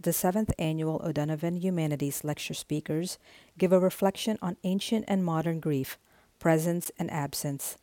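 Woman narrator, deep mellow tone, steady scripted read, dry studio sound. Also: no room sound. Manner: measured, even read. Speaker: podcast narrator.

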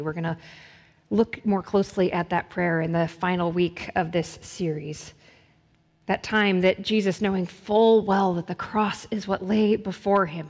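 Woman preaching in a reverberant hall. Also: medium pitch. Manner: earnest, builds intensity with repeated phrases. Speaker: pastor. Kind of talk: sermon.

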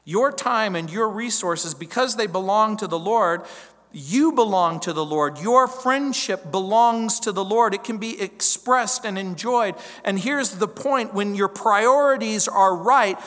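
A man's voice: high-pitched, unhurried, a bit bright, in a large hall. A male pastor preaching a verse-by-verse sermon, emphatic, stacking repeated phrases and rhetorical questions.

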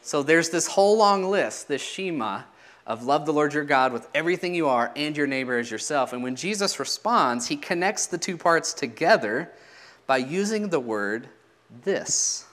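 A man's voice: a little high, animated, moderate pace, a bit bright. A man preaching a sermon in a teaching manner, asking rhetorical questions and letting his voice drop at the ends of phrases.

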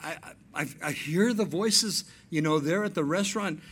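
A male pastor preaching a sermon, animated, telling stories and acting out dialogue. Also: on the high side, normal speed, a little hiss or hum.

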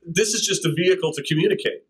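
An older man, a drummer appearing as an interview guest, rambles through anecdotes in casual conversation, laughing and scat-singing drum rhythms. His voice is high, quick and husky, and the audio quality is poor.

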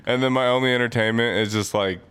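Smooth-voiced man, laughing and swearing. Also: medium pitch, fast. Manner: laughs often, swears freely, animated. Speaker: podcast co-host. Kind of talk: casual chat.

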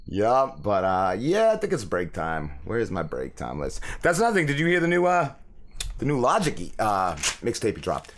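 Animated, foul-mouthed male podcast host. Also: lowish voice, normal speed, a little hiss or hum. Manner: animated, swears constantly, mimics others. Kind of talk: profane casual rant.

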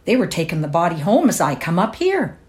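A woman's voice: fairly low pitch, very animated, a little fast, darkish tone. A woman voicing a delivery man who eagerly relishes telling grim news. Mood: relishing.

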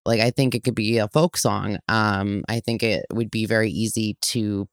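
Co-host, mid pitch, self-correcting analytic chatter, dry close mic. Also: steady tone, normal speed, clean tone, no room sound. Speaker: podcast co-host. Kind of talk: casual chat.

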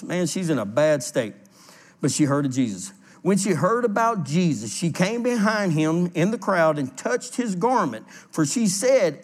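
Male pastor, sermon, lively storyteller with a slightly high voice, reads and explains scripture. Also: normal speed. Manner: storytelling, animated, laughs at his own story.

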